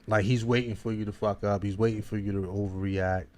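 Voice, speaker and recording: A man's voice: lowish voice, fairly even intonation, a little fast, darkish tone. A man with a Baltimore accent hosting a podcast, telling a long, rambling story in casual slang. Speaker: podcast host.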